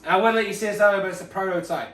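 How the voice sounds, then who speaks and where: A man telling a rambling, profane mock biography in a deadpan, mock-serious way. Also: high-pitched, racing, slight background noise. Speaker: comedic storyteller. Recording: echoey room, mic far off.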